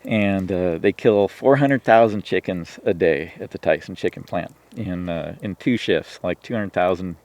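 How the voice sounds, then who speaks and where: A man's voice: low voice, normal speed, few pauses, darkish tone. A man from Washington State, a podcast guest telling a hunting story in casual conversation, rambling with frequent restarts and fillers. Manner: rambling, lots of "you know" and restarts. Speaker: podcast guest, turkey hunter.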